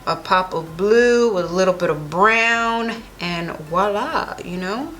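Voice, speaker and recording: A woman's voice: medium pitch, animated, slow pace, a bit bright, faint music behind. A young woman vlogger narrating a makeup tutorial, gushing and enthusiastic as she applies products. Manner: gushing, enthusiastic, talks while applying makeup. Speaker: beauty vlogger.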